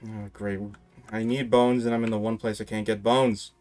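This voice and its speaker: A Canadian man with a fairly low voice plays a game with friends over voice chat. He is practical and tells the others where to go and what to use, all in a relaxed tone. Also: normal speed, soft background music. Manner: practical, gives directions. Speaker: co-player. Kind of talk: casual gaming chat.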